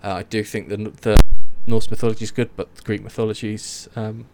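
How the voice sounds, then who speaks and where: Animated man telling myths. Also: fairly low pitch, fairly quick, noisy background. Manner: animated storytelling, swears, acts out quotes. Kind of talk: casual chat.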